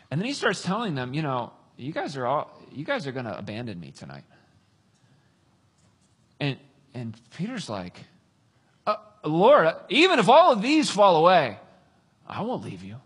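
A man preaching a sermon, telling a story with lively, acted-out dialogue. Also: mid-range voice, husky. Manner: animated storytelling, acts out voices. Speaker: pastor.

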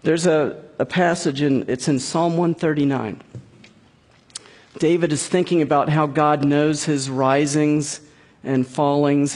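A man's voice: fairly high pitch, a little mellow, breathy edge. A man preaching a conversational sermon as a pastor, explaining scripture with frequent restarts and asides.

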